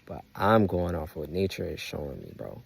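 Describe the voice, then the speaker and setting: A man's voice: sits low, sing-song, moderate pace, creaky, breathy edge. A young man rambling outdoors in a loose, profane, emphatic personal monologue full of restarts. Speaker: vlogger.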